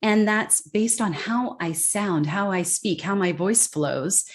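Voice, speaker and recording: A woman's voice: medium pitch, slow. A woman from California with a general American accent, a guest speaking emphatically in an interview and acting out the voices she quotes. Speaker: guest expert. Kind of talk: conversational interview.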